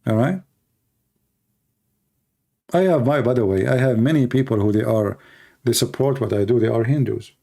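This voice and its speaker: Hosting a lengthy livestream, a man delivers a mocking, sarcastic rant and impersonates his opponents in a casual debate-show style. His medium-pitched voice is creaky, mellow, and husky.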